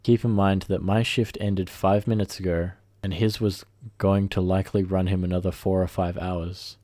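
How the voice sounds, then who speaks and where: Low-voiced man narrating a story. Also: little pitch movement, mellow, no echo, studio quality. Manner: halting, self-correcting reading. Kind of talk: reading a first-person revenge story.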